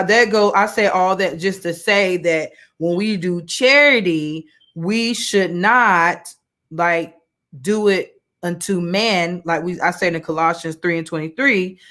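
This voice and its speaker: A woman's voice: fairly low pitch, measured pace, fairly bright tone. A woman teaching a women's Bible study, telling a personal story in a casual sermon full of fillers and restarts. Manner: conversational, many fillers and restarts, colloquial.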